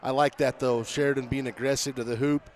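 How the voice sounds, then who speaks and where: A man's voice: medium pitch, steady tone, a little fast, a little hiss or hum. Easygoing basketball color commentator man. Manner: conversational, coaching-minded, talks to his partner. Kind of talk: relaxed game analysis.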